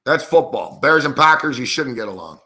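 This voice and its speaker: Angry swearing man, bright sharp voice. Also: medium pitch, expressive, fairly quick. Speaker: sports betting show host. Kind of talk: live game commentary, profane rant.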